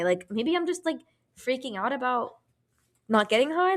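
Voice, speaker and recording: A young adult woman co-hosting a podcast tells a story in casual chat, her voice a little high and at normal speed. She's animated and curses freely, acting out the voices of everyone she quotes.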